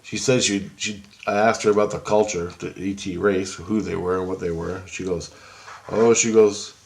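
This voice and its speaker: A man vlogging a casual, rambling story, excitedly quoting both sides of a conversation. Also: low voice, moderate pace, creaky. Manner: rambling, excitable, keeps quoting back and forth.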